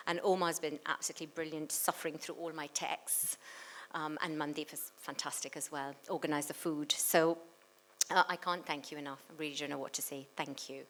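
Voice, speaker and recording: Low-voiced woman giving a self-mocking launch speech. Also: a bit bright. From Hyderabad, India. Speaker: author. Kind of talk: humorous book launch speech. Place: cultural centre event hall.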